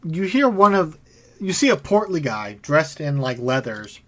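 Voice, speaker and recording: A man's voice: a little high, big pitch swings, a little slow. A young man narrating as game master in a tabletop game, casual and filler-heavy.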